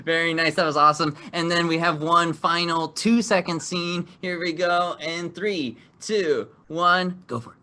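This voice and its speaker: A man's voice: fairly high pitch, fairly even intonation, measured pace, hardly any pauses, noisy background. A man hosting a live improv comedy game show, upbeat and encouraging, laughing often.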